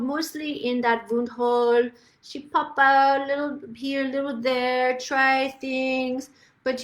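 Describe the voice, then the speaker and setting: A woman speaking as a gentle cosmic twin spirit. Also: fairly high pitch. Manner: broken, simple English, storytelling about "her"; soft, sympathetic, chatty. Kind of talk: channeled spirit talk.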